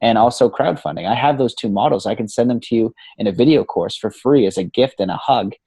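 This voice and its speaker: Guy coach on a podcast, warm mellow voice, dry sound, swears a lot, talks loose and lively. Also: mid-range voice, brisk, vocal fry, breathy edge, dry recording. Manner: animated, swears casually, says "man" and "you know" often. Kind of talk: casual interview talk.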